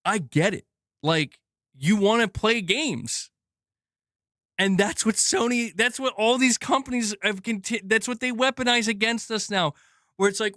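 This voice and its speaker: A man's voice: high voice, lively intonation, unhurried, pushed and bright, no room sound, clean studio sound. A young man hosting a gaming channel, ranting with exasperation, swearing often and restarting his sentences. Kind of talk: heated solo rant.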